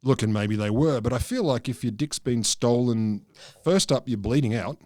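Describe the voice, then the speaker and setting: A middle-aged man recounts odd history on a podcast in a dry, deadpan way. His voice sits at an ordinary middle pitch, and the sound is close and dry, with no room around it. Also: normal speed, dry recording. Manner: deadpan, dry jokey storytelling. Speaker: podcast co-host telling the history. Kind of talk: casual comedic science chat.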